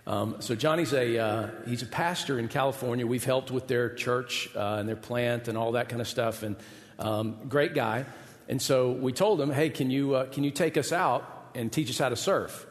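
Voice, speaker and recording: A man's voice: mid-range voice, normal speed. A man in his forties, a pastor preaching a sermon, telling a personal story with humor and self-deprecating asides. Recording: echoey hall, long reverb.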